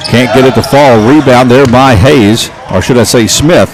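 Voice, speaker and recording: A man calling local basketball play-by-play, getting excited and shouting on big plays. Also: medium pitch, normal speed. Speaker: play-by-play announcer.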